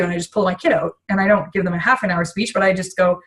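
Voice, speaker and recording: A middle-aged woman talks casually to a group she is training. She is chatty and full of asides, and her voice sits at an ordinary pitch for a woman. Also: fairly even intonation, rapid-fire, hardly any pauses, poor audio. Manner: chatty, many fillers and asides. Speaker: essential oils business trainer.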